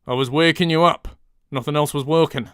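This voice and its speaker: A man voicing a gallant male centaur with a low, warm voice and a light Northern English accent, swallowing some consonants. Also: steady tone, a little fast, clean tone, no echo, studio quality, lightly acted. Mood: gallant, friendly. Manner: dropped consonants, low and easygoing.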